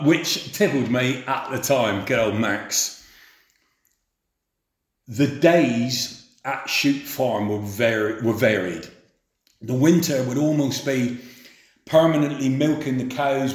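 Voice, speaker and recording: A middle-aged man from England telling memories of his youth in an unhurried, plain-spoken way. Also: medium pitch. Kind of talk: spoken memoir. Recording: roomy echo.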